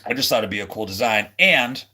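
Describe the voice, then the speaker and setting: A man's voice: lowish voice, lively intonation, fairly quick, bright, forceful tone, slight background noise. A man hosting a casual livestream, rambling with lots of fillers and restarts and a jokey, goofy manner. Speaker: livestream host.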